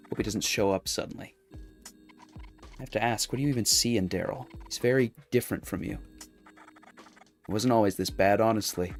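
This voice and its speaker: A man voicing a worried, harried woman who runs a diner, speaking low and fretfully. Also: natural voice.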